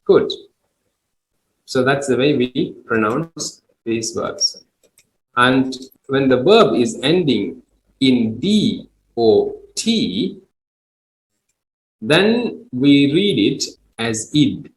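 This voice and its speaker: A man from Sri Lanka teaching an English grammar lesson to a class, explaining slowly and patiently with repeated examples. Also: mid-range voice, very animated. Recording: echoey room.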